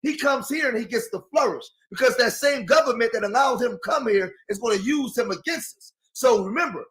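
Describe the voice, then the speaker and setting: A man's voice: very high-pitched, animated, brisk, fairly bright tone. A man with an African American English accent in a casual discussion, speaking passionately and insistently. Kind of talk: casual talk-show discussion.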